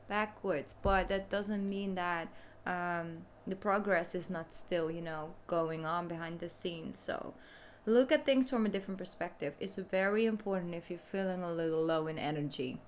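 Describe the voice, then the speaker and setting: A woman's voice: mid-range voice, slight background noise. A woman giving a casual, chatty tarot reading, talking informally and often saying "you know". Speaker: tarot reader.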